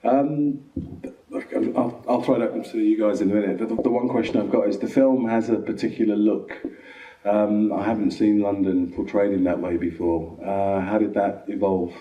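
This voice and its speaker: A man moderating a film Q&A, asking a question slowly and hesitantly. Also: on the low side, steady tone. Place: cinema auditorium. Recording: dull, echoey hall from far off.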